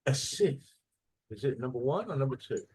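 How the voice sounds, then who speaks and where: A man's voice: mid-range voice, very animated, normal speed, a little mellow, husky. A man teaching a classroom English lesson, quizzing students on formal words and modeling the stress of each word. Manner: questioning, drills pronunciation by modeling words.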